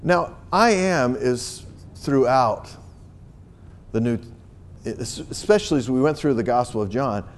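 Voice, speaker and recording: A man's voice: mid-range voice, animated, measured pace, pauses often. A man preaching a sermon as pastor, earnest and emphatic, often restarting and repeating words as he builds to his points.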